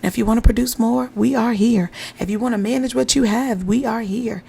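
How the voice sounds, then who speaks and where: A woman's voice: on the high side, brisk, gravelly, warm tone, husky. A woman hosting a podcast, speaking encouraging, repetitive affirmations into a microphone. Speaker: podcast host and pumping coach.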